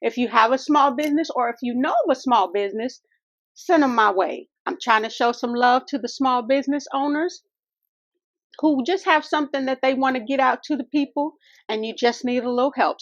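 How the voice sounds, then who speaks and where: A woman's voice: high voice, no echo. A woman vlogger talking to her viewers in an earnest, faith-filled way, calling them y'all and honey. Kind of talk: heartfelt casual vlog talk. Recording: dull lo-fi dry sound.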